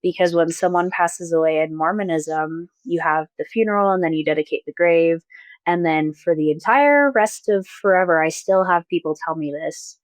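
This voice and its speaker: A young woman telling a painful personal story as a podcast guest, halting and soft, with pauses and fillers. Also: fairly low pitch, no echo, poor audio.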